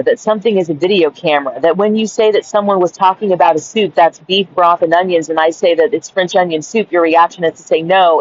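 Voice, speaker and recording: A woman's voice: on the low side, dull audio. A woman and caregiver reading her journal aloud and ranting in a blunt, profane, exasperated way.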